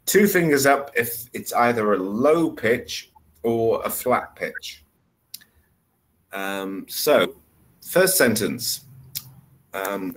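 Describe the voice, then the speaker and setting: A man's voice: mid-range voice, lively intonation, drawn-out words, long pauses, a little hiss or hum, poor audio. A man tutoring English one-on-one over a video call, explaining patiently with repeated examples. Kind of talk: one-on-one online English lesson.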